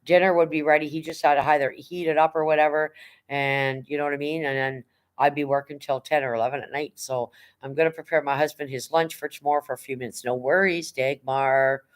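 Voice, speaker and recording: A woman's voice: deep voice, steady tone, brisk. Chatty middle-aged woman streaming. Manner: rambling, chatty, greets viewers by name; blunt, occasional swearing. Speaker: livestream host. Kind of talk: casual livestream chat.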